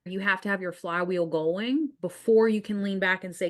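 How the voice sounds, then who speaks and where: A woman's voice: mid-range voice, moderate pace. A woman with a Southern US accent hosting a business podcast, speaking confidently and emphatically about marketing and acting out what clients say. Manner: confident, emphatic, acts out clients in quoted voices. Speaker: podcast host, business coach.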